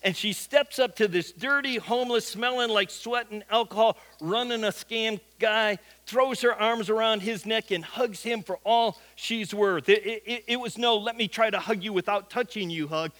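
High, bright-voiced preacher telling a story. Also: male voice, normal speed, hardly any pauses. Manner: folksy anecdotal storyteller. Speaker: pastor. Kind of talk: sermon storytelling.

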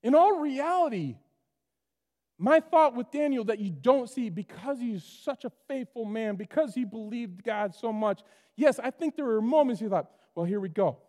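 Male pastor, high voice, animated sermon delivery, long reverb of a church hall. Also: moderate pace. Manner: animated preaching, acts out voices of the story.

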